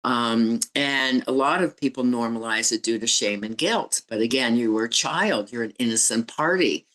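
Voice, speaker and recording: A woman's voice: very deep voice, normal speed, a bit bright, poor audio. A woman guest on a podcast, speaking candidly and reflectively about her own family experiences as a relationship coach and author. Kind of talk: podcast interview storytelling.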